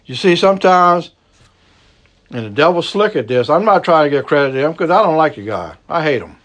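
A man with a Cajun accent from the American South, preaching a sermon with emphatic repetition and sudden low, slow drops for emphasis. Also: sing-song. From Southern United States. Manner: emphatic preaching, repeats key phrases, drops to a low slow hush for stress. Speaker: pastor.

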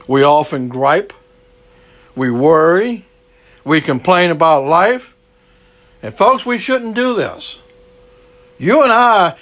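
A man's voice: a little high, a bit bright. A man preaching a sermon, earnest and repetitive, stretching words for emphasis.

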